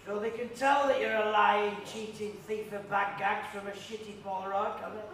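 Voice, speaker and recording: A man's voice: high voice, level tone, normal speed, a bit bright, slight background noise. A man acting a bitter, resentful rival in a live stage play, heard from a distance. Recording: echoey stage heard from far off.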